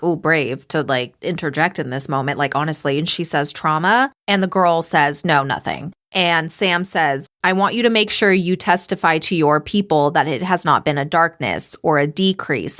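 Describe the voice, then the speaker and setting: A woman's voice: low-pitched, a bit bright. A woman co-hosting a podcast, recapping a documentary in casual chat, blunt and heavy on swearing, acting out the people she quotes. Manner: blunt, swears freely, retells scenes with quoted voices.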